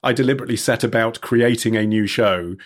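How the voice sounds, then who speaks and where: A man's voice: mid-range voice, fast. A man hosting a podcast in casual chat, wry and self-deprecating. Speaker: podcast host.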